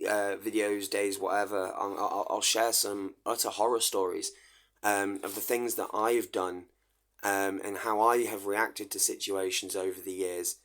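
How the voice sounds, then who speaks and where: A middle-aged man talking earnestly in a personal vlog monologue, halting and restarting often. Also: lowish voice, a bit bright. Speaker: vlogger.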